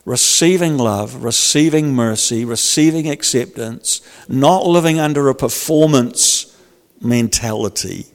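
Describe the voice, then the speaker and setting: Guy preaching casual-like, gravelly voice, long echo like a big church hall. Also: medium pitch. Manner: conversational preaching with jokes and acted-out quotes. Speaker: pastor. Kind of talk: sermon.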